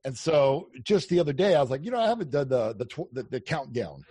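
A man chatting casually as a podcast guest, telling animated stories, acting out quoted lines and swearing freely. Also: medium pitch, fast, husky, dry recording. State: on day four of a fast. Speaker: podcast guest, dating coach. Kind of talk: casual chat.

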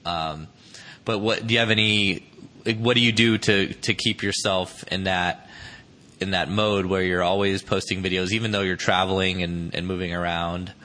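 Bright-voiced candid podcast host man. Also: deep voice, steady tone, moderate pace. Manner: reflective, candid, casual swearing. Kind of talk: conversational podcast interview.

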